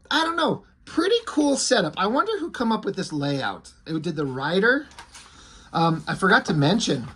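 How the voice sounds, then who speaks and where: A man's voice: high voice, a bit bright. Blunt, rambling man reviewing comics. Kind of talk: casual comic book commentary.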